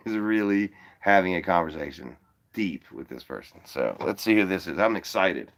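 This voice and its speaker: A man's voice: low-pitched, lively intonation, normal speed, vocal fry, fairly bright tone. Rambling, profane male livestream host. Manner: talks to viewers directly. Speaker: live show host. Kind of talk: casual livestream chat.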